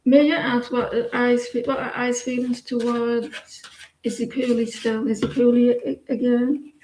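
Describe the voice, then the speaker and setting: A woman's voice: a little high, level tone, a little slow, roomy sound, background noise. A woman in her forties giving a live tarot reading, rambling with lots of fillers and restarts. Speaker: tarot reader. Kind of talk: live-stream tarot reading and casual chat.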